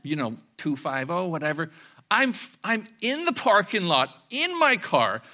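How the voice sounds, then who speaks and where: Bright-voiced animated male pastor. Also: sits high, unhurried. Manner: animated storytelling with acted-out voices and laughter. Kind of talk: sermon.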